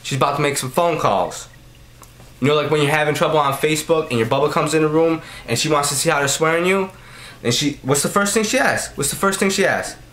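A man's voice: a little high, fast talker, a bit bright. A young adult man hosting a comedy vlog, ranting in a profane, rambling way and repeating his lines over and over. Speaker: vlog host. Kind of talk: comedy rant to camera.

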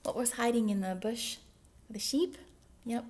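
A woman who is a children's librarian, reading picture books aloud in an animated, sing-song way that often drops into whispers. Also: on the high side, measured pace, pauses often. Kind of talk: storytime read-aloud.

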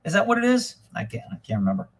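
A man hosting a casual live stream, rambling and swearing freely, getting animated when he retells a story. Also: a little high, very fast. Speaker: livestream host. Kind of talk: casual livestream chat.

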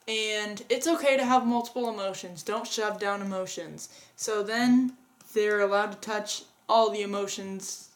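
A woman co-hosting a casual movie review, earnestly retelling the plot step by step. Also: on the high side.

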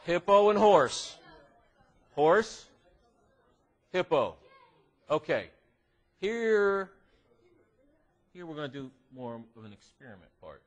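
A man giving a youth devotional at church in an animated, joking way, teasing the teenagers in front of him. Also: medium pitch, muffled recording. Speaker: youth minister. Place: church classroom.

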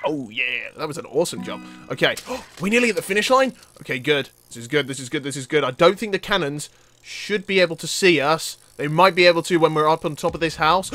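A young man giving live gameplay commentary, excitable and yelping and laughing as things go wrong. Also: on the high side, fairly quick, soft background music. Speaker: gaming channel host.

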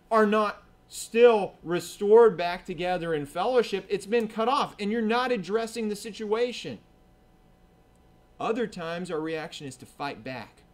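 A man preaching a sermon in church, talking conversationally, acting out what people say and checking in with "right?". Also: sits high. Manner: conversational preaching, acts out quoted voices, asks "right?".

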